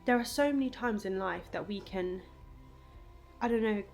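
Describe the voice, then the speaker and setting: A woman's voice: mid-range voice, moderate pace, faint music behind. Chatty young woman vlogging at home. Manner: animated, emotional, lots of fillers like "like" and "I don't know". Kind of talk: casual chatty vlog talk. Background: washing machine running.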